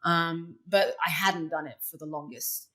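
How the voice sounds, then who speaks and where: Young woman, lowish voice, casual storyteller, filler-heavy conversational guest. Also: unhurried. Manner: chatty, many "like" fillers, animated retelling. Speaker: interview guest, poker player.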